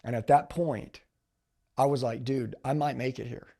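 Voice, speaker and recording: A man in his forties, a sales trainer, telling a story in an emphatic, animated, slangy way and calling his listeners dude. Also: mid-range voice, moderate pace, creaky. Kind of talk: motivational storytelling.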